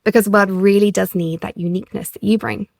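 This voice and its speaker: A woman's voice: medium pitch, steady tone, fast, gravelly, a little mellow, dry recording. Woman podcast host, leadership coach; direct, emphatic, encouraging; close, dry mic. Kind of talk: solo podcast coaching talk.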